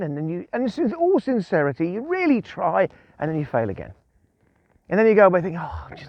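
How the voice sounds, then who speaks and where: A man's voice: high voice, no room sound, dull audio. A man giving an informal outdoor devotional talk, chatty and chuckling as he tells stories. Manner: chatty, chuckling, animated storytelling. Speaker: guest preacher. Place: outdoors in the countryside.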